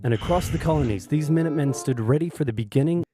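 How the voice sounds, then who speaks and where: Fast, wry male history narrator. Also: on the high side. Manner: wry, deadpan punchlines. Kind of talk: comic scripted history narration. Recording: narration with clear music bed.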